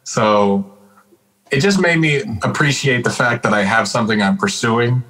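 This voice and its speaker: A man's voice: mid-range voice, normal speed, bright, forceful tone, low-quality recording. A man from Calgary co-hosting a casual hip-hop podcast, rambling through stories with lots of "like" and "dude". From Calgary, Canada. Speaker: podcast co-host and rapper. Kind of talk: casual chat.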